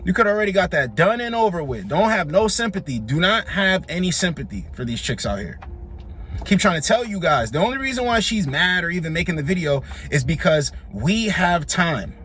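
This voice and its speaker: A man's voice: high-pitched, big pitch swings, brisk, a bit bright, slight background noise. A man giving blunt, dismissive reaction commentary on dating clips, lecturing his listeners and calling them bro.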